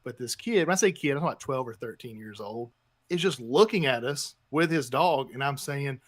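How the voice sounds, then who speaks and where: A podcast co-host, a man, spins a self-mocking story with quick bursts and sudden shouts. His voice sits in an ordinary middle pitch. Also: no room sound. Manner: animated storytelling, self-deprecating. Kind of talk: casual chat.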